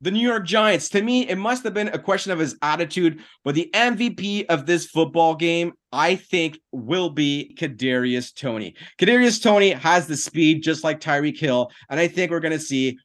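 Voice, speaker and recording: A man co-hosting a sports podcast, making bold, animated predictions in casual talk. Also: fairly high pitch, normal speed, hardly any pauses. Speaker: podcast co-host.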